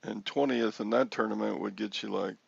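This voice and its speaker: An older man hosting a casual chat, telling a rambling story with chuckles and excited bursts. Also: lowish voice, a little fast, gravelly, husky, dry recording, muffled recording. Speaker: host. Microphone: headphones with mic.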